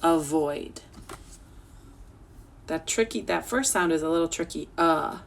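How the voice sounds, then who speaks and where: This woman teacher's voice sits low and is gravelly, and she keeps a measured pace as she teaches children remotely from home over a video call. Patiently and encouragingly, she sounds out each word and spells it letter by letter in a slow, clear lesson.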